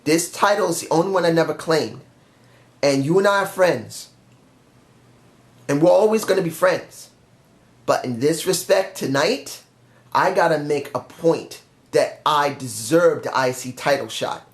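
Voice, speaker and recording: A man's voice: a little high, measured pace. A man voicing a frustrated male wrestler who earnestly pleads for a title shot, in a roomy-sounding recording. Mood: resolute. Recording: roomy echo.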